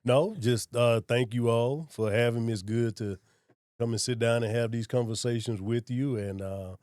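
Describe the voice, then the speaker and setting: A man, a sheriff being interviewed, who speaks in a slow, measured and earnest way. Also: medium pitch, fairly even intonation, darkish tone, no echo, studio quality. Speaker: sheriff, guest. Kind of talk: casual interview conversation.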